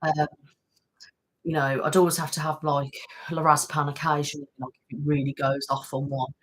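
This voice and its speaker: A woman's voice: sits low, level tone, a little fast, low-quality recording. A woman hosting an ASMR live stream, chatting casually and thanking viewers by name. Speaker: ASMR channel host. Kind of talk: casual live-stream chat reading comments. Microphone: studio mic.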